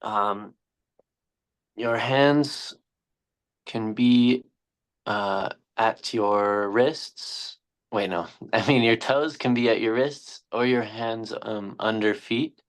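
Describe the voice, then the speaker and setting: A man in yoga teacher training talks a partner through poses. He hesitates, fills gaps with "um" and fixes his own cues midway. His voice is fairly low. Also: very slow. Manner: hesitant, many fillers, corrects himself mid-cue. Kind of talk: cueing yoga poses, then casual chat.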